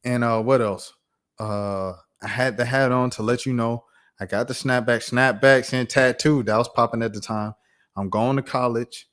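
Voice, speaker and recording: A man around thirty telling a personal story on his vlog in a casual, slangy, animated way. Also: mid-range voice, normal speed. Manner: animated, slangy, acts out voices. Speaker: YouTuber.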